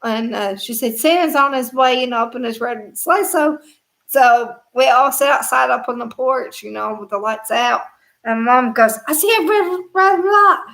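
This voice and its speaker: A woman's voice: on the high side, normal speed, gravelly, fairly bright tone. A middle-aged woman telling a rambling family story in a live stream, laughing often as she goes. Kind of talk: casual storytelling.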